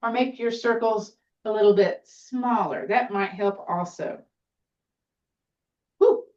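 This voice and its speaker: A woman guides a seated tai chi class, her cues gentle, encouraging and now and then playful. She sounds a little away from the mic, and the sound comes through muffled and dull. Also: mid-range voice, measured pace, far from the mic.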